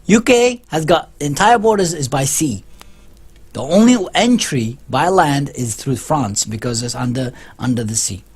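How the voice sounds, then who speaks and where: A man's voice: medium pitch, lively intonation, moderate pace, slightly rough. A man talking to camera in a casual opinion vlog, rambling and emphatic, with many restarts. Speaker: vlogger.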